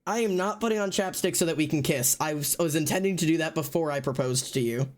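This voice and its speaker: A streamer chatting casually and loudly to live viewers, rambling and poking fun at themself. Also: medium pitch, quick pace. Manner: loud, rambling and self-mocking. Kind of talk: casual livestream chat to viewers.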